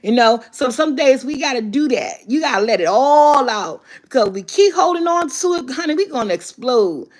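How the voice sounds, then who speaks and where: Candid woman in her fifties, higher-pitched. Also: expressive, normal speed, hardly any pauses. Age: 50s. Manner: candid, emphatic, swears freely. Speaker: vlogger. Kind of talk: casual motivational talk.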